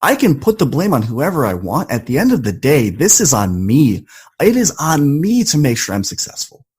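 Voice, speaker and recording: A man guesting on a podcast, telling a personal story in an animated, conversational way. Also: medium pitch, moderate pace, breathy edge.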